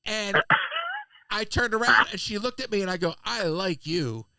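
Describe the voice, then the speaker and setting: Male podcast co-host, an animated storyteller, bright tone, close dry sound. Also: high voice, clean tone, no room sound. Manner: animated storyteller doing quick voices of people he met. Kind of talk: casual storytelling chat.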